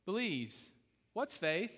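A middle-aged male pastor delivers a sermon in a bright, forceful voice pitched a little high. He hammers home repeated phrases and keeps asking his listeners questions. The recording carries the long reverb of a large church hall. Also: sing-song, slow pace. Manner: emphatic, repeats key phrases, asks the congregation questions.

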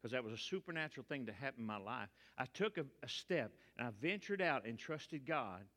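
An older man with a drawl tells his testimony to a congregation in a plain, folksy way. His voice is bright and forceful, and a long hall reverb trails behind each phrase. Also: mid-range voice, expressive, fairly quick. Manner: folksy, colloquial storytelling. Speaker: preacher. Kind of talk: testimony sermon.

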